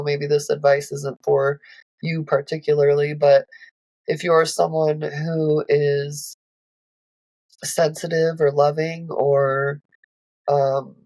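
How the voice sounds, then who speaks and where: A woman's voice: low voice, vocal fry, darkish tone, dry recording, rough recording. Woman, podcast host, raw and emotional monologue, swears a lot, dry close sound. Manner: emotional, blunt, swears freely; rambling with many fillers. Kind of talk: candid solo podcast monologue.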